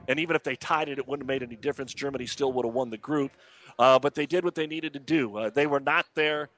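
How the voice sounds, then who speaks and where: A man's voice: medium pitch, fairly bright tone. A man hosting casual sports radio talk, opinionated and loose with lots of filler words. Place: outdoors at a golf course.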